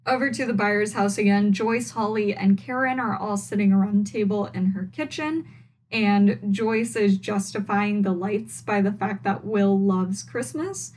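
A young woman hosting a casual solo podcast at home, recapping a TV episode in a chatty, animated way with wry asides. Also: mid-range voice, unhurried, poor audio. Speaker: podcast host reviewing a TV episode. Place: at home, indoors.

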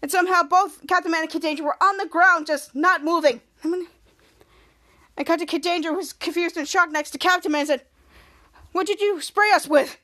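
A woman with a very high voice hosts a podcast. She recaps a TV episode scene by scene. Her narration rambles and keeps repeating the same stock phrases as it moves on. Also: steady tone, fairly quick, bright, forceful tone. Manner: rambling, repetitive "cut to" narration. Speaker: podcast host.

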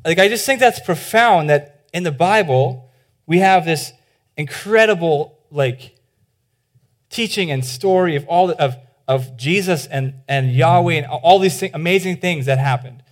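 A man preaching a sermon as pastor, earnest and conversational with many restarts, dropping to a hushed voice for appeals. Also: a little high, a little slow. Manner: drops to a soft, hushed voice for appeals.

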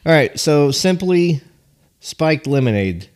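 A man's voice: a little high, very animated, slow, a little mellow. A man co-hosting a casual podcast, joking and teasing his wife. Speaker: podcast co-host. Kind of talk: casual chat.

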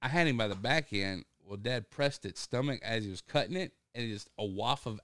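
A man, telling a hunting story in a casual chat and acting out the people he quotes. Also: fairly quick. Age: 30s. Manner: animated storyteller, acts out quotes with big pitch jumps, laughs often.

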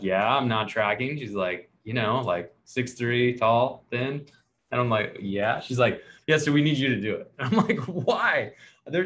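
With a medium-pitched, slightly bright voice, this man hosting a podcast tells a story during casual chat. Self-deprecating and quick to laugh, he voices the people he quotes and chuckles at his own embarrassing moments.

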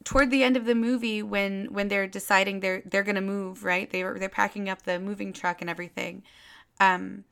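A woman's voice: mid-range voice, flat delivery, fairly quick, creaky, a bit bright, clean tone. A woman giving a casual, rambling movie review, full of restarts and fillers and openly emotional about the scenes.

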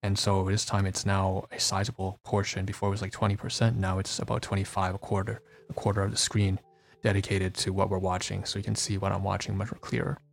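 A man streamer talking casually through a screen-share walkthrough, halting and often restarting and correcting himself, stressed and feeling dissociated. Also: low voice, level tone, vocal fry.

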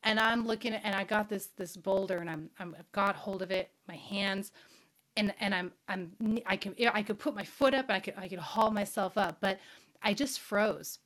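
A woman's voice: medium pitch, normal speed, a bit bright. A middle-aged woman hosting a spirituality show, telling a personal story in a candid, frank way, swearing casually and putting questions to her audience.

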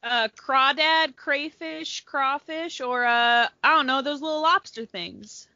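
A woman's voice: sits high, slow pace, pushed and bright, dry recording. A young woman co-hosting a podcast, playful and giggly in casual chat. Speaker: podcast co-host. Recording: dull lo-fi podcast audio, dry.

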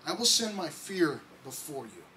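A man preaching as a pastor in a church, with an excitable, conversational delivery full of restarts and asides. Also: on the high side, normal speed. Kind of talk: sermon. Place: church sanctuary. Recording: distant mic, faint background noise.

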